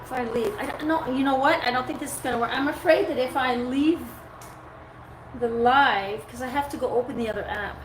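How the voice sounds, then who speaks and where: A woman's voice: high voice, fairly quick. Woman dog groomer, live-stream host, casual and cooing, device mic in a noisy, reverberant grooming room. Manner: chatty, coos at the dog between talking to viewers. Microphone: device mic, her own mic not set up. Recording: echoey room with background noise.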